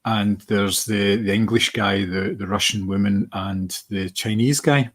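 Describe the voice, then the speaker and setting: A man talks through a film on a podcast, rambling and restarting his sentences as he goes. His voice sits low and has a husky edge. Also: steady tone, measured pace, fairly bright tone. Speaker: podcast co-host. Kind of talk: casual film discussion.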